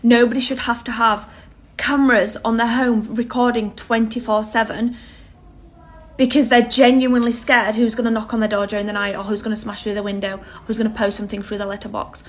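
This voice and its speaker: Woman, vlog clip, earnest and pleading, near tears, slightly high voice. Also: level tone, fairly quick. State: close to tears. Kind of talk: emotional vlog to camera.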